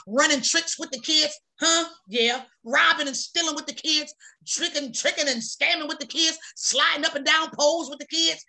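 Fiery high-voiced preaching woman. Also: pushed and bright. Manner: fiery, folksy preaching with repetition. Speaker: prophetess. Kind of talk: preaching on a prayer broadcast.

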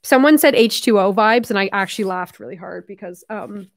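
A young Canadian woman talks casually to her viewers, rambling and dropping fillers as she goes. Her medium-pitched voice sounds close and dry, with no room around it. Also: brisk, creaky, hardly any pauses, dry recording. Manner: chatty, rambling, heavy use of fillers and "like". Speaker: YouTuber opening fan mail. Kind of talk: casual vlog chat.

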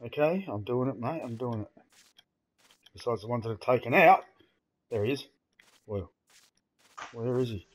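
Lively, swearing young gamer man. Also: mid-range voice, normal speed, pauses often. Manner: swearing, laughing banter. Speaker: gaming host. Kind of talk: casual gameplay commentary.

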